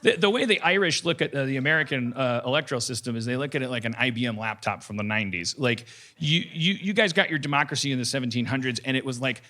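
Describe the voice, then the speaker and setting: Animated rambling podcast host, a man. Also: mid-range voice, fast talker. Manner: rambling, animated, swears freely, jokey asides. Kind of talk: casual comedic podcast talk.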